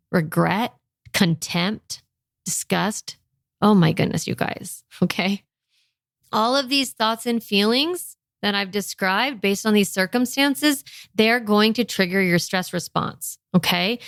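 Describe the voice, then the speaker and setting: Energetic woman coaching parents, dry sound. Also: medium pitch, no echo. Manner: energetic, acts out parents' inner thoughts, frequent "okay?".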